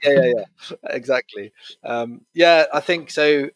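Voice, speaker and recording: A man hosting a podcast, thoughtful and measured, pausing and hesitating as he works through his points. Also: medium pitch, no room sound. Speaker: podcast host. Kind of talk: conversational podcast discussion.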